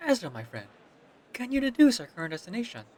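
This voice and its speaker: A man's voice: sits high, huge pitch swings, fast, a little mellow, some chatter behind, pitched above the performer's own voice, full character voice. A man voicing a charming young male researcher with a gallant, playful manner.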